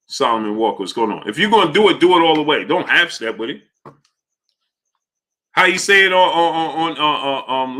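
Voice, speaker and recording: A man hosting a casual livestream, reading viewer chats aloud and ranting heatedly, dropping to low mutters and then rising to loud outbursts. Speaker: livestream host.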